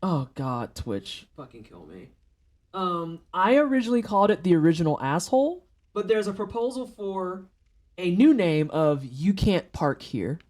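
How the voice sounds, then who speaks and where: A game streamer talking to chat mid-session in a loose, unscripted way. The talk is crude and jokey, full of swearing and offhand teasing of the game. The pitch sits in an ordinary middle range. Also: very animated, normal speed, a little mellow. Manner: profane, joking, talks to chat. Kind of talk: casual livestream chat while gaming.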